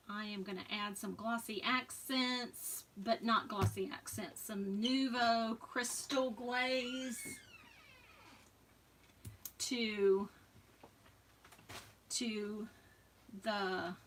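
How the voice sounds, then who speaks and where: A woman hosting a live crafting demonstration, chatty and trailing off, with soft muttered asides. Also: fairly high pitch, drawn-out words, pauses often, far from the mic, a little hiss or hum. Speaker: crafting demo host.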